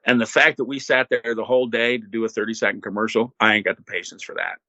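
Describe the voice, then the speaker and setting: An older man, a former radio host, telling stories as an interview guest in an animated, laid-back way and acting out what people said. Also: lowish voice, fast, no room sound, dull audio. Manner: animated, laid-back storyteller who acts out quotes. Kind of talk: casual storytelling.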